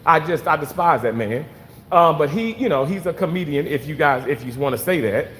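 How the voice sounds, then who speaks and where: A man casually venting to his viewers, animated and swearing freely, repeating himself for emphasis. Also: a little high, a little fast, big-room sound, slight background noise. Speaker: vlogger reading live chat.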